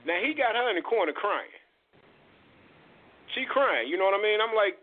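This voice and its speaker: A man's voice: sits high, moderate pace. Heated, profane man on a tinny line. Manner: animated, profane, heated storytelling. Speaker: radio show host. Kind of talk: casual storytelling chat. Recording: tinny phone-like radio audio.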